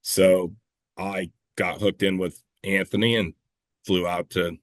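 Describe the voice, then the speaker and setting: A man's voice: low-pitched, little pitch movement, slow pace, no echo. A man in a casual interview, telling stories in a rambling, self-correcting way, swearing freely and laughing at himself. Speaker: clay shooting competitor and coach, guest.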